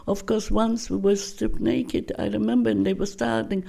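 Older woman, gravelly, dark and mellow tone, halting oral history interview, restarts sentences. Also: mid-range voice, level tone. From Poland. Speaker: guest recounting her life.

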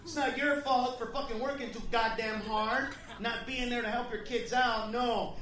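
A man's voice: very high-pitched, fairly even intonation, moderate pace, hardly any pauses. A man doing a stand-up comedy set on a club stage, ranting with heavy profanity and acting out the people he mocks. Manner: profane, aggressive rants with acted-out quotes. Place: comedy club stage before a laughing crowd. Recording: echoey live room, mic heard from far. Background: loud audience laughter.

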